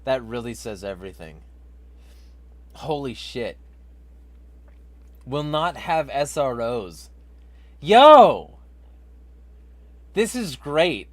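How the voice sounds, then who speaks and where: A man's voice: medium pitch, expressive, slow pace, long pauses. Man, livestream host, casual vlog talk, mid-range voice, profane, laughs often, reads chat.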